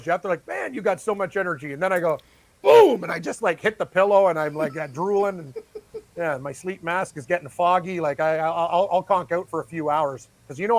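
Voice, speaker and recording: High, excitable male betting analyst. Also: dry recording. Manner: excitable, fast-rambling, laughs easily. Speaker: sports betting analyst guest. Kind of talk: casual chat.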